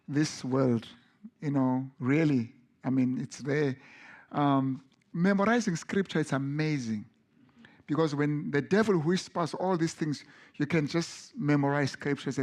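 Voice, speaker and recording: Man, preacher, earnest, emphatic, repeats and restarts words, fairly high voice. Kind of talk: sermon.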